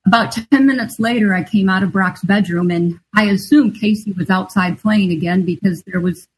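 Husky-voiced mother telling her story. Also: mid-range voice, normal speed, low-quality recording. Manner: earnest, confessional storytelling. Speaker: author and guest. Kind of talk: storytelling interview answer.

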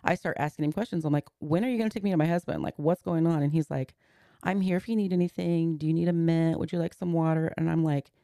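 A woman in her forties tells a personal story in a podcast conversation, walking through events one step at a time. Her voice is warm and darker in tone, with a gravelly edge. The sound is close and dry, with no room around it. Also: sits low, quick pace, no room sound. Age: 40s. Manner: earnest, recounting events step by step and voicing others' words. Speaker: podcast guest.

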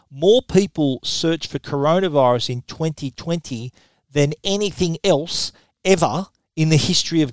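A middle-aged Australian man presenting tech news in a quick, chatty, casual way, often restarting his phrases. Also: fairly high pitch, dry recording.

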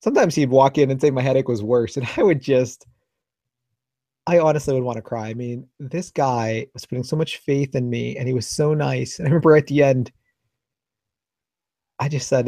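A man's voice: mid-range voice, dark tone, no room sound. Emotional man telling a story. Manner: emotional, halting, close to tears. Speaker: physiotherapist guest. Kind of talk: casual storytelling.

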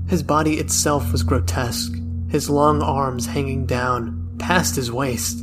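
A man reads a horror story aloud in a grim, measured way. He draws out his pauses, and his voice sits at an ordinary middle pitch. Soft music plays faintly underneath. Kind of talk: dramatic scripted horror narration.

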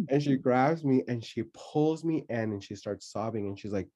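A man telling a childhood story in casual conversation, laughing often and pausing with many fillers. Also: fairly low pitch, animated, warm tone.

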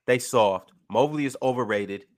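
Male panel host, mid-pitched and dry, reads chat comments fast. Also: dry recording. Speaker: podcast host reading viewer comments.

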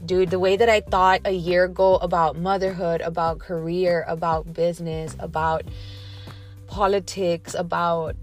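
A Texan woman hosts her own podcast in a casual solo monologue, her low, level voice unhurried over faint music. Emotional and a little shaky, she talks candidly and loosely, with casual fillers.

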